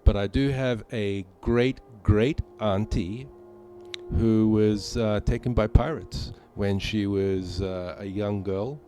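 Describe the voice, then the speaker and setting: A man with a very deep voice talks casually to his stream chat while he plays. His tone is mellow and dark, and he rambles along with plenty of fillers. Soft music plays behind him. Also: fairly even intonation, takes it slowly. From Malta. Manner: rambling, chatty, many fillers. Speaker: gaming streamer.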